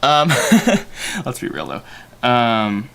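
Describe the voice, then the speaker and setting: A man's voice: medium pitch, huge pitch swings, very slow, creaky, a bit bright. A young man hosting a casual livestream while storyboarding, thinking aloud with self-mocking asides and many fillers. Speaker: animator and livestream host.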